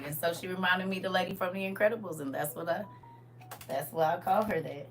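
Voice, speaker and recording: A woman's voice: fairly low pitch, fast, background noise. A grandmother hosting a casual livestream, talking sassily and directly to her viewers from her phone. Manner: sassy, animated, talks straight to viewers.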